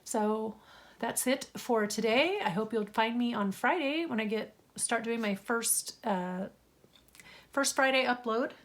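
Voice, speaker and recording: A woman hosting a craft journal vlog, speaking in an earnest, slow and heartfelt way and reading a scripture passage. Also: fairly high pitch.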